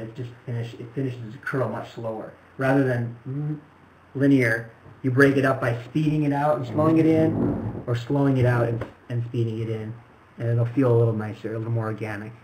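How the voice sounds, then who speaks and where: A man's voice: medium pitch, a little hiss or hum, low-quality recording. A man acting as an animation mentor, explaining a student film critique. He demonstrates as he talks and sometimes restarts his sentences.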